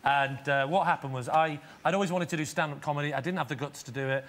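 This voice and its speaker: A man's voice: fairly high pitch, fast talker, a bit bright. A man guest telling a wry anecdote.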